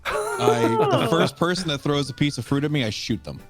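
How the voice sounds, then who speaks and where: Deadpan, swearing tabletop player man. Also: fairly high pitch, moderate pace, loud music behind the voice. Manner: deadpan in-character declarations, crude and swearing. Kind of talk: tabletop game play.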